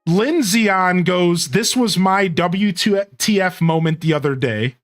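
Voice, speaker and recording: A young man streaming games, chatting excitably, laughing often and reading his chat aloud. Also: high-pitched, slow pace, soft background music. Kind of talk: casual gaming commentary.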